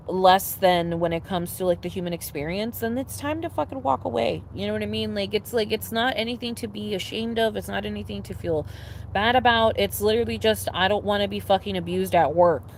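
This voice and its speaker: A woman's voice: mid-range voice, slight background noise. Rambling, swearing young woman streamer. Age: young adult. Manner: rambling, swears often, many fillers and restarts; animated, laughing and excitable. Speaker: livestreamer. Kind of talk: casual chat to a live audience.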